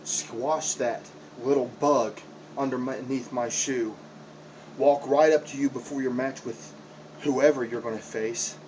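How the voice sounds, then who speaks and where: A man's voice: mid-range voice, steady tone, takes it slowly, a little mellow, a little hiss or hum, low-quality recording. A man cutting an impassioned, confrontational wrestling promo, repeating himself for emphasis as a backyard wrestler.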